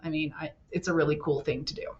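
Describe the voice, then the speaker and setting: A woman family law attorney, a podcast guest, talking bluntly and with plenty of profanity, telling animated stories. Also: low voice, quick pace, dull audio. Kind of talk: candid podcast interview.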